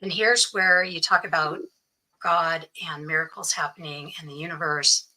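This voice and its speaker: A woman's voice: low-pitched, steady tone, normal speed, pushed and bright, low-quality recording. A woman guest recounting a personal story in an interview, earnestly quoting what others said to her. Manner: earnest, quotes others' speech as she tells it.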